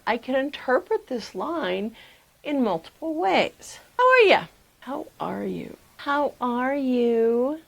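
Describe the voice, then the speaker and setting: Female writing coach, slight vocal fry, emphatic instructional delivery. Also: mid-range voice. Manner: emphatic, clear teaching delivery. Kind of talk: instructional talk to camera.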